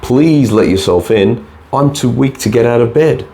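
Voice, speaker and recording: A man's voice: mid-range voice, normal speed, warm tone, voice pushed up, lightly acted. A man voicing a frail, sickly old grandmother in bed in a bedtime storybook reading, weak and thin in manner.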